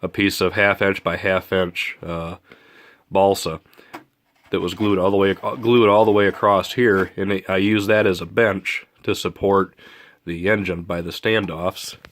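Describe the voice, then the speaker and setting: A man with a nasal, congested voice, casually explaining his model airplane build in a rambling, relaxed way. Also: low voice, measured pace. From Michigan. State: stuffed-up nose. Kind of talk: casual build update vlog.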